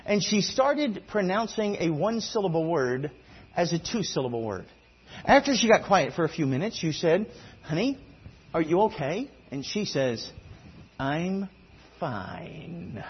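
A man preaching a sermon, swinging between loud exclamations and low, quiet emphasis. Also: sing-song, normal speed, muffled recording.

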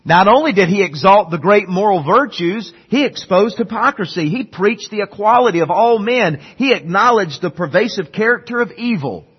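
A man preaching a sermon as a pastor. He talks earnestly, swinging between loud emphatic peaks and soft low passages, and often repeats a word as he starts a line. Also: expressive, moderate pace, few pauses, breathy edge. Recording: dull lo-fi sermon recording.

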